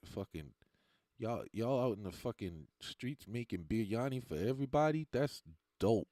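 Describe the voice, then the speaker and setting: A man's voice: fairly low pitch, very animated, normal speed, mellow, no echo, clean studio sound. A man who does stand-up comedy, chatting casually with viewers on a livestream in a loose, rambling, profane way and often laughing at his own lines.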